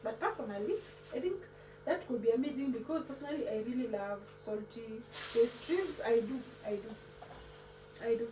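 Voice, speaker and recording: Chatty and playful, a woman runs a casual cooking vlog, her fairly high voice full of lively intonation at a moderate pace as she tucks words into her English. Recorded from across an echoey kitchen, the clip carries clear background noise.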